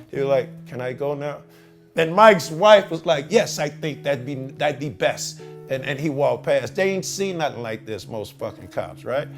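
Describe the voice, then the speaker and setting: A man's voice: a little high, vocal fry. A man, talking profanely and animatedly in an interview, telling his own stories. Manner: profane, animated storytelling with Chicago slang. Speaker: interviewee, cop watcher. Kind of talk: casual interview talk.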